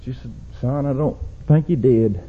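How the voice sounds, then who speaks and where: Man, preacher, husky voice, fairly high pitch, shouting sermon, dull lo-fi recording. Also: normal speed. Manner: rises to loud shouted exhortation, drops low and quiet.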